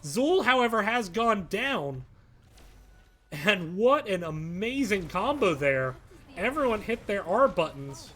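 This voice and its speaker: Speaking slowly in a high voice, this male esports caster calls a match live, relaxed during quiet stretches and yelling with excitement once the big fights start.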